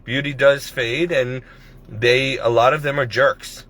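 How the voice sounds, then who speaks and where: A man's voice: mid-range voice, fairly even intonation, unhurried, a bit bright. Rambling man in his forties. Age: 40s. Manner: rambling, hesitant, full of restarts. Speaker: vlogger. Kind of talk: casual personal vlog. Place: at his workplace.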